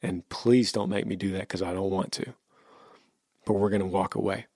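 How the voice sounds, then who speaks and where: A man's voice: low voice, fairly even intonation, normal speed, a little mellow, slightly rough, dry recording, studio quality. A man hosting a podcast, giving heartfelt advice to a listener and often repeating and restarting his words. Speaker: podcast host answering listener questions. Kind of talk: earnest advice talk.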